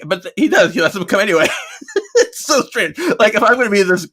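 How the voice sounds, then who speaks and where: A man co-hosting a podcast, recapping a book in casual chat, animated and laughing often as he quotes the characters. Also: high-pitched. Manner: animated retelling with quick quoted voices and frequent laughs. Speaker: podcast co-host.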